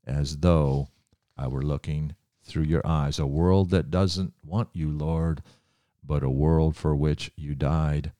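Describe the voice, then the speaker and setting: A man's voice: extremely low pitch, dark tone, no room sound, studio quality. An older man preaching a fervent sermon as a pastor, building to emphatic praise.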